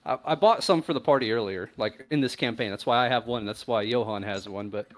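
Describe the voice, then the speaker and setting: A man's voice: medium pitch, brisk. A man playing a tabletop game, chatting casually and playfully with the game master. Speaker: player.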